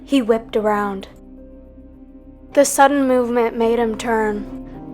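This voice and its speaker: A woman's voice: a little high, steady tone, takes it slowly, long pauses, darkish tone, soft background music. A woman narrating a dramatic animal story over game footage, voicing every character herself.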